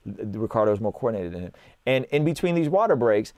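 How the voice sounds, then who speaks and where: A man in his thirties, appearing as a guest, talks fast in a mid-range voice as he animatedly tells stories and acts out dialogue. "Like" and "right?" come up often in the casual conversation. The studio sound is clean and echo-free.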